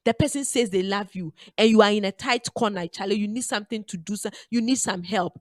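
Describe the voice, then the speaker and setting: A woman's voice: medium pitch, no room sound. A woman hosting a radio talk show, giving preachy, emphatic advice and repeating her key phrases. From Ghana.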